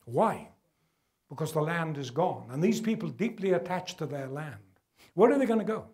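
A man's voice: a little high, lively intonation, moderate pace. Earnest older man lecturing. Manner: earnest, emphatic, drops to quiet for weight. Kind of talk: public lecture with slides. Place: gala event hall.

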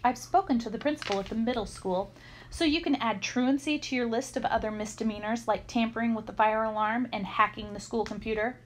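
A woman's voice: a little high, fairly quick, a little hiss or hum, close to an everyday voice. A woman voicing a stern female school head teacher who scolds in a formal way.

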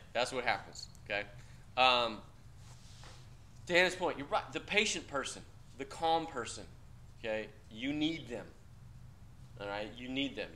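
A man's voice: mid-range voice, pushed and bright, slight background noise. A man teaching a class, talking bluntly and casually with profanity, quizzing students in a discussion. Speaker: instructor.

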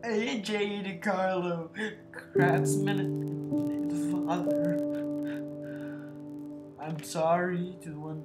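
A man recording a let's play, reading lines aloud in a slow, halting, tearful way while crying. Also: sits high, steady tone. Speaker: gaming video creator. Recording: echoey room with loud music. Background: loud guitar music.

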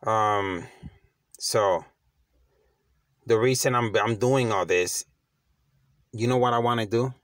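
A man's voice: on the low side, takes it slowly, long pauses, dry recording. Emphatic middle-aged man, dry sound. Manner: emphatic, repeats himself, stumbles over restarts; slangy, conversational. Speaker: motivational vlogger. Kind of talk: casual motivational talk.

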